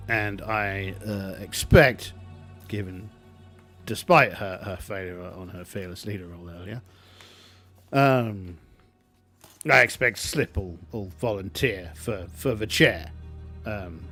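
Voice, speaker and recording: A man's voice: fairly low pitch, normal speed, a bit bright, faint music behind. A man narrating a solo tabletop game, thinking aloud with many restarts and fillers.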